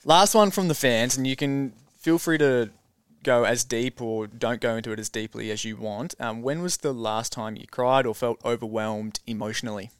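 A man hosting a podcast, asking relaxed questions with short reactions. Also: mid-range voice, normal speed, clean tone, no room sound, clean studio sound. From Australia. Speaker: podcast host. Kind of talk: casual interview.

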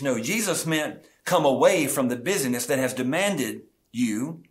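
Earnest pastor preaching a slow sermon. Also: male voice, mid-range voice, lively intonation.

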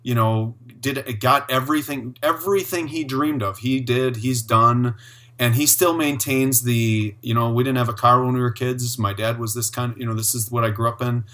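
Male host, mid-pitched, bright tone; warm storyteller energy. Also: steady tone, normal speed. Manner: enthusiastic, storytelling, affirming. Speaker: podcast host. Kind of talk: conversational interview.

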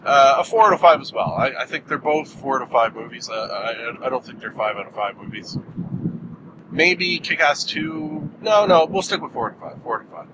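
A man's voice: medium pitch, noisy background. A man giving a casual, rambling film review, joking and filling gaps with lots of "uh"s. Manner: rambling, jokey, many fillers. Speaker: movie reviewer host.

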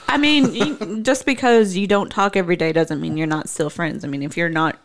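A woman's voice: fairly low pitch, fairly quick. A woman in a casual chat, talking in a wry, teasing way.

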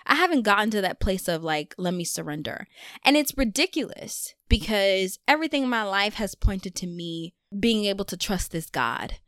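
A young woman talking straight to her viewers in a casual confessional chat. She is animated and self-deprecating, and her voice sits at an ordinary middle pitch. The sound is dry and close, with no room echo. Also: moderate pace, hardly any pauses, clean tone. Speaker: vlogger.

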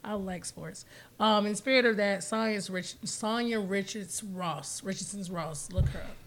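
A man's voice: sits high, measured pace, a bit bright. A man co-hosting a podcast, rambling in a laid-back way in casual banter. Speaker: podcast co-host. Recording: faint background noise.

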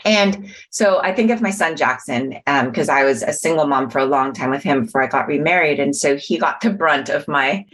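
A woman's voice: deep voice, brisk, few pauses, a bit bright. A middle-aged woman in casual conversation, explaining mindfulness and self-compassion in an earnest teaching manner.

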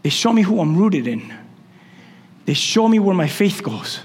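A high-pitched man preaching with fire, dropping from ringing shouts to near-whispers. His voice carries a long reverb through a church hall. It is a passionate sermon with the congregation addressed directly. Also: sing-song, measured pace. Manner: impassioned, swings from shouting to hushed. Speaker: pastor.

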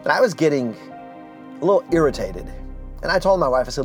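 A man telling his life story as a testimony, earnest and animated, dropping to a hush at heavy moments. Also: on the high side, fast, pauses often, soft background music. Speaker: speaker giving a personal testimony.

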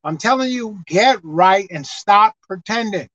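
A man preaching a fiery sermon, repeating lines for emphasis, reading scripture slowly, and breaking into shouts. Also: high voice, animated, no echo. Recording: dull lo-fi dry recording.

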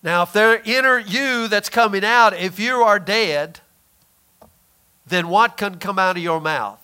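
A man preaching a sermon who asks the listeners questions and answers them himself, drawling some phrases slowly for emphasis. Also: high voice, sharp tone, clean tone.

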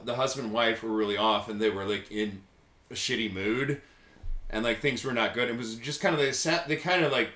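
Male podcast co-host, rambling crude storyteller, bright voice, roomy echo. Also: mid-range voice. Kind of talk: casual chat, storytelling.

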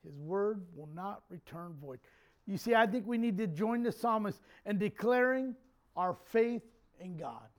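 This male pastor has a high voice and a measured pace. Preaching animatedly to his church, he alternates quiet jokes on the side with loud shouts.

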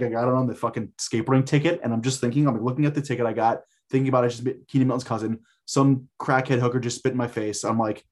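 Husky man telling a rambling story. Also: medium pitch, a little mellow. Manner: rambling, profane, filler-heavy. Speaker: podcast guest. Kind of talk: casual storytelling.

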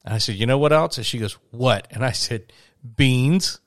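A middle-aged man chatting casually as a podcast co-host, telling animated stories and laughing easily. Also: mid-range voice, moderate pace, no room sound, studio quality. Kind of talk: casual chat.

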